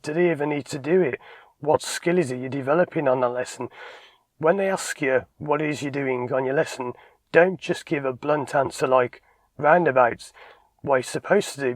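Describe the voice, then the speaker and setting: A man's voice: mid-range voice, no room sound. A man, a driving instructor giving a tips video, talking emphatically and acting out short bits of dialogue. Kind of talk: direct-to-camera instructional talk.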